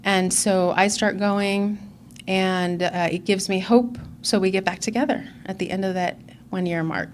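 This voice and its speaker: A woman in her forties tells her own story at a recovery meeting, speaking candidly and earnestly. Her voice sits at an ordinary middle pitch. A faint hiss runs under the recording. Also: fairly even intonation, measured pace. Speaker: conference speaker. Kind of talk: personal recovery testimony.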